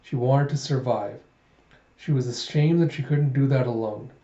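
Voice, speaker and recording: A man's voice: medium pitch, moderate pace, warm tone, roomy sound, lo-fi sound, close to an everyday voice. A man doing an easygoing former general. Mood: calm. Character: laid-back male former general, wry.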